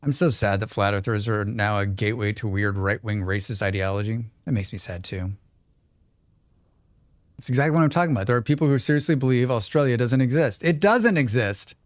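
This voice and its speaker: A man's voice: lowish voice, brisk, dry recording, studio quality. A man hosting a casual game livestream, joking around and reading viewer chat aloud in rambling asides. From Canada. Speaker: livestream host.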